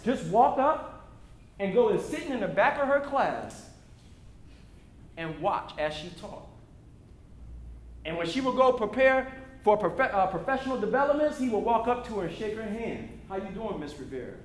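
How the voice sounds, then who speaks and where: A man from the United States giving an impassioned, preacherly motivational speech at a documentary screening, driving his points home with emphatic repetition. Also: extremely high pitch. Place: event venue before an audience. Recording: roomy echoey hall.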